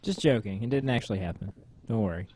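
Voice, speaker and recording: A man's voice: on the low side, fast talker, darkish tone, breathy edge, dry recording. A man co-hosting a casual podcast, teasing and joking with his co-hosts. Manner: teasing, playful. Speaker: podcast co-host.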